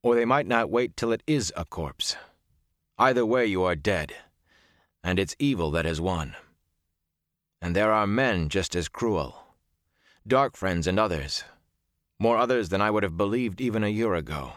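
A gruff, sour young man who mutters and cuts conversations short, as a male narrator voices him. His voice is deep and close. The recording sounds dry and studio-clean. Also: animated, normal speed, few pauses, no room sound. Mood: angry. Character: young man, gruff, curt, quick to anger.

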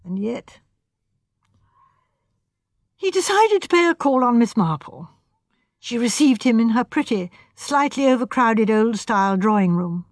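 A woman's voice: a little high, sing-song, measured pace, long pauses, no echo, clean studio sound. Woman narrating a mystery audiobook.

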